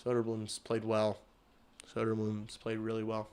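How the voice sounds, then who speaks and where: A man hosting a hockey livestream, calling the game in casual play-by-play and getting loud and excited on big chances, with some swearing. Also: fairly low pitch, moderate pace. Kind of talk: casual live play-by-play commentary.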